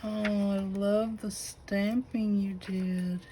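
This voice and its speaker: A woman with a Southern US accent showing a crafted notebook to her camera at home, gushing with admiration and slipping into breathy asides. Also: mid-range voice, level tone, drawn-out words, dark tone, a little hiss or hum, low-quality recording. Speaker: craft channel host. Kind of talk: casual unboxing show-and-tell.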